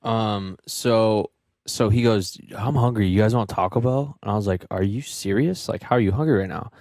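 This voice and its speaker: A young man and podcast co-host telling a tour story in casual chat, animated and swearing, mimicking friends in a raised voice. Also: fairly low pitch, normal speed, dry recording, studio quality. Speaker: podcast co-host, band member.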